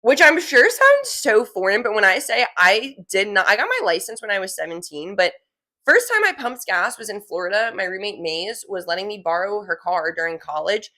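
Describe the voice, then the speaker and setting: A woman's voice: mid-range voice, sing-song, moderate pace, bright, forceful tone. Young woman, New Jersey accent, casual rambling vlog chat, lots of fillers. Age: young adult. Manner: chatty, rambling, self-correcting with lots of "like". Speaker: vlogger.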